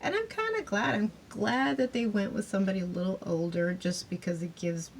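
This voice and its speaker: A woman's voice: medium pitch, a little fast, vocal fry, slight background noise. A woman chatting casually as she reviews a TV series, loose and talkative, with frequent fillers and asides.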